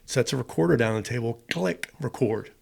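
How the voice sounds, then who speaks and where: A man's voice: medium pitch, a little fast, gravelly, breathy edge. A middle-aged man, a former fighter pilot, telling stories in an interview and acting out what people said. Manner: animated, acts out quotes with emphasis. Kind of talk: storytelling interview.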